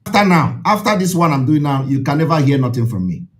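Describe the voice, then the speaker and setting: A man with a Nigerian accent, an Igbo speaker, delivers an impassioned address to his followers. He talks in a high voice that swings widely in pitch and drives points home by repeating them. The tone is emphatic and preaching throughout. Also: expressive, quick pace.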